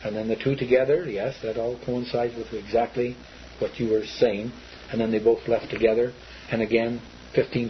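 A man's voice: medium pitch, a little hiss or hum. A man telling of something he witnessed in a rambling, repetitive way, acting out what others said. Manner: rambling, repetitive, acts out quoted speech. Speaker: eyewitness telling his story. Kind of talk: casual spoken recollection. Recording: slightly muffled lo-fi recording.

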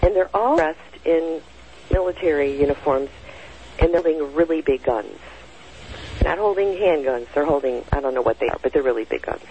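Woman, 60s, gravelly, meandering storyteller; muffled recording with a faint hiss. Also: sits low, normal speed, warm tone. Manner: rambling, with many fillers and self-corrections. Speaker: storyteller recounting a personal experience. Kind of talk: casual spoken storytelling. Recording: dull lo-fi sound with faint noise.

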